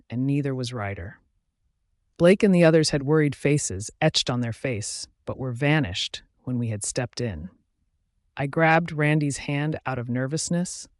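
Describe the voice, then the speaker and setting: Man, story narrator, first-person reading, steady even pace, mid pitch, dry close sound. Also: no echo.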